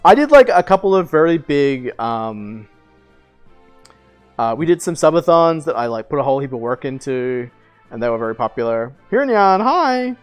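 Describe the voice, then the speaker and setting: A man's voice: mid-range voice, animated, normal speed, clean tone, soft background music. A young man in his twenties streaming, telling a long personal story in casual chat, rambling with fillers, restarts and casual swearing.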